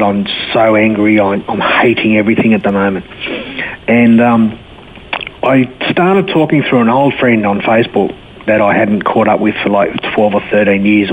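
A middle-aged Australian man tells his own story as a guest, candid and colloquial, and he gets lively when he acts out conversations. His voice comes down a tinny, narrow phone line. Faint noise runs underneath. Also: on the low side. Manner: candid and colloquial, animated when retelling dialogue. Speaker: interview guest. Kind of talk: personal testimony in a radio interview.

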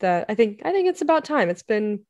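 A woman's voice: a little high, sing-song, a little fast, darkish tone, no echo. A woman hosting a podcast in casual chat, laughing often and steering the talk along. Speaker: podcast host.

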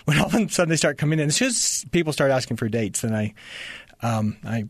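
As a guest being interviewed, a man who writes books recounts a story expressively and fast, tripping over restarts and voicing the people he quotes. He has a fairly high pitch. The studio recording is clean, with no room sound.

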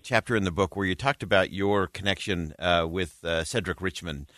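A man's voice: low voice, steady tone, normal speed, a bit bright, no room sound, clean studio sound. A man hosting an interview show, introducing his guest and asking questions with frequent hesitant uhs. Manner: hesitant, many filler uhs. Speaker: show host.

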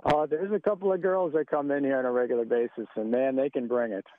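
A man's voice: mid-range voice, fairly even intonation, quick pace, no echo. A man being interviewed on a radio show as a guest, talking in an easygoing, conversational way. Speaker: guest, sports facility owner. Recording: phone-line guest audio.

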